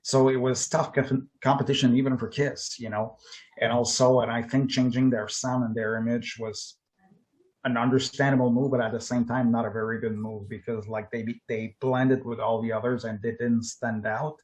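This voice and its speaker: A man's voice: medium pitch, flat delivery, moderate pace, a little mellow. A man in his fifties, a panel guest on a podcast, talking casually and candidly and sharing personal stories. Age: 50s.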